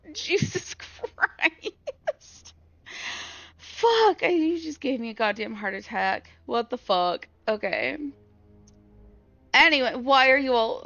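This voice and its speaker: A woman's voice: high voice, gravelly, no echo, muffled recording. A woman streaming a horror game, swearing freely and jumpy at scares. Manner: profane, jumpy and excitable. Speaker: live streamer. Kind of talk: casual gameplay commentary.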